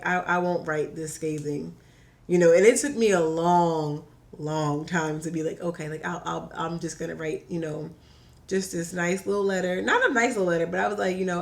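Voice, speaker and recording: A woman from Virginia chatting on a podcast as a guest, telling a story in a lively way and acting out the voices she quotes. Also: fairly low pitch, normal speed, gravelly. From Hampton Roads, Virginia. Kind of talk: casual chat.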